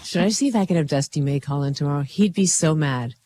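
A man's voice: fairly high pitch, fast, dark tone, a little hiss or hum. A man co-hosting a sports talk show, chatting casually and joking with his co-hosts, rambling with fillers. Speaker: sports radio co-host.

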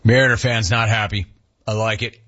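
A Southern California man in his forties hosts a casual sports talk show, telling animated, rambling stories and reading from the live chat. His voice sits on the low side and moves fairly quickly, and the audio sounds dull.

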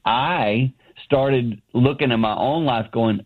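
A man's voice: medium pitch, moderate pace, few pauses. A middle-aged man tells a personal story in an earnest way, speaking from his office as a guest on a phone interview. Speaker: guest, ministry founder. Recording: tinny phone line.

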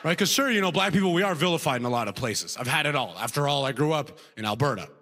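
A young male comedian works a live stage set in a loose, self-deprecating way, dropping "right?" after his jokes. His voice sits a touch high. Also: lively intonation, fast talker, a bit bright, big-room sound, slight background noise. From Sudan. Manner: conversational, self-deprecating, frequent "right?" tags and laughs. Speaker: stand-up comedian. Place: comedy club stage before a live audience.

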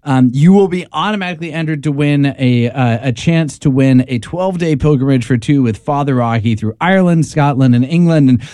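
A man's voice: medium pitch, dark tone, no echo, studio quality. A man co-hosting a radio pledge drive, making an earnest, persuasive appeal with some stumbles. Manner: earnest, persuasive, quick with repetitions. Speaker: radio co-host.

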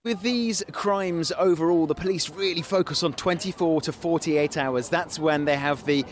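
A man explaining a crime story as a reporter, speaking briskly with "uh" pauses. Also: a little high, a little hiss or hum. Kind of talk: news explanation.

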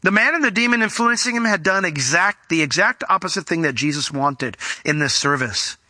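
A middle-aged man preaching a sermon, animated and acting out the voices he quotes. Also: high-pitched, brisk, no echo. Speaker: pastor.

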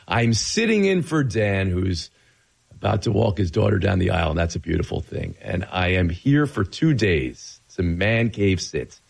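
Excitable male radio host, voice cracking. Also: low-pitched, moderate pace, gravelly. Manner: excitable, gushing, laughs easily. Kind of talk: sports talk radio.

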